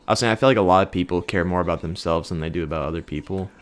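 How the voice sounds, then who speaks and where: A man's voice: sits low, racing. A man co-hosting a podcast in casual chat, agreeable, nodding along with short replies and plain opinions. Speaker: podcast co-host.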